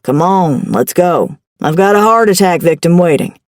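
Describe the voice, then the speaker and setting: A woman voicing an impatient male grim reaper in an audiobook, speaking curtly in a deep southern drawl. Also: lively intonation, a little mellow, dry recording, studio quality, lightly acted. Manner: curt, brisk, a little annoyed. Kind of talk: audiobook character voice.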